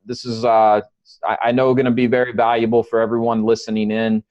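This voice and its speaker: A man with a Southern accent runs a business webinar, filling his talk with ums and uhs. His voice comes through a call line that sounds dull and dry, with no room around it. He speaks at an even, middle pitch. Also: fairly quick, no room sound. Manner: friendly, loose, many ums and uhs. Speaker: webinar host.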